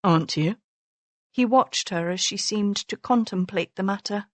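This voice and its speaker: A woman narrating an audiobook novel in a measured, even storytelling manner. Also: mid-range voice, dry recording. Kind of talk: scripted narration.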